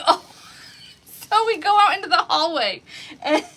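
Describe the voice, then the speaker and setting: High, bright-voiced chatty woman. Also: lively intonation, measured pace. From Oklahoma, USA. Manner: chatty storyteller, laughing often, addressing viewers directly. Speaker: craft livestream host. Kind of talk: casual chat on a livestream.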